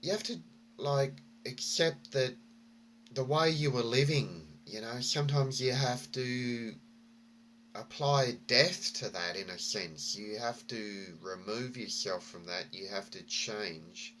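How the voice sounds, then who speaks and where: A man's voice: mid-range voice, takes it slowly, a bit bright. Brief: male vlogger, casual reflective storytelling, loose and rambling, faint hum behind. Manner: rambling, many fillers and restarts.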